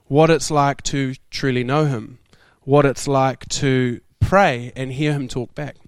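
A young man preaching a sermon, telling stories in a lively way and laughing often. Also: medium pitch, takes it slowly, clear, resonant tone, no room sound. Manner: animated, laughing storyteller. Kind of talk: sermon storytelling.

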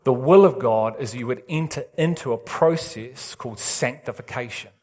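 A man's voice: medium pitch, normal speed, darkish tone. A man preaching a sermon with urgent intensity and emphatic repetition.

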